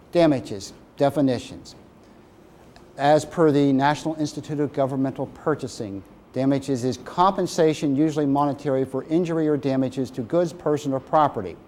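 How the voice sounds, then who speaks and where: Male course instructor, mellow tone, lecture delivery, faint room noise. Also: medium pitch. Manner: explains definitions, asks the class questions. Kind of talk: classroom lecture.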